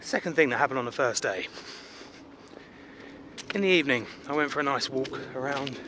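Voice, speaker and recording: A man's voice: mid-range voice, normal speed, noisy background. A man from England vlogging casually outdoors, rambling and self-deprecating with lots of filler words. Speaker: travel vlogger. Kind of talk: casual rambling travel vlog. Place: outdoors in a city.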